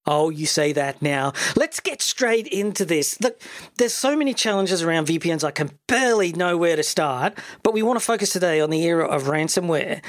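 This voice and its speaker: A man's voice: high-pitched, animated, a little fast, no room sound, clean studio sound. A man hosting a tech podcast, talking in an opinionated, conversational way with a wry edge. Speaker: podcast host. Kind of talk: casual tech podcast chat.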